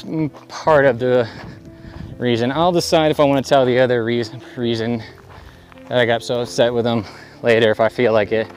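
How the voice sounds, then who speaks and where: A man's voice: medium pitch, low-quality recording. A young man vlogging outdoors on a desert hiking trail, chatty and rambling with lots of fillers. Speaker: thru-hiker vlogger. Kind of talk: casual talking to camera on the trail.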